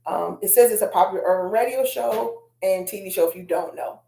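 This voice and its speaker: A woman's voice: mid-range voice, fairly quick, creaky, warm tone. Chatty woman host in an echoey room. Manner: chatty, addresses viewers directly, reads quotes aloud. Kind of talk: casual commentary vlog.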